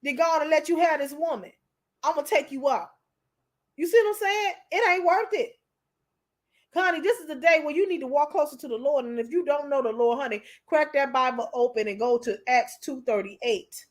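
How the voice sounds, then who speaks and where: Emotional, preachy high-voiced woman. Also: normal speed. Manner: preachy, repeats herself, calls listeners honey. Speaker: commentator. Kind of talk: emotional commentary.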